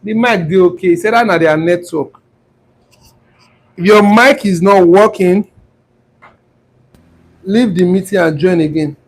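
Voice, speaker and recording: A man's voice: high voice, unhurried, long pauses, slightly rough, low-quality recording. A man with a Nigerian accent, hosting a casual live-stream trading class and mixing Pidgin with English while teasing his viewers. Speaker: forex trading class host. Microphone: clip-on mic near the throat. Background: wind noise on the mic.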